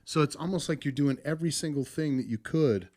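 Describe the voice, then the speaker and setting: A man's voice: a little high, brisk, darkish tone, no room sound, clean studio sound. A man, an audio engineer, giving a casual spoken lesson on microphone technique in a blunt, emphatic way, swearing freely and often checking in with "right?". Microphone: studio microphone with tube preamp.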